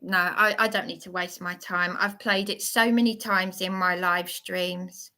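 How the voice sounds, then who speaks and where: Worked-up lady on a live stream, slow and shaky, bright voice, keeps tripping over her words. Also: fairly low pitch, fairly even intonation. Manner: shaken, indignant, stumbling over words. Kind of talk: agitated live-stream monologue.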